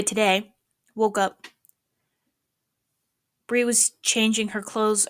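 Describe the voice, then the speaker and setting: A woman's voice: medium pitch, no room sound. Young woman rambling thru her day on a vlog, drops to whispers sometimes, super dry room sound. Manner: rambling, animated, swings into whispers. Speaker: vlogger. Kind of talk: casual vlog chat. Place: small apartment at night.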